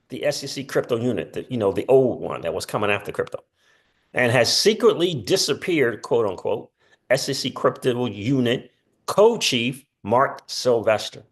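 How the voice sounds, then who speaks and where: A man hosting a casual commentary channel, reading news posts aloud and breaking in with quick offhand asides. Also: medium pitch. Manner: chatty, reads quotes aloud with asides. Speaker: crypto channel host.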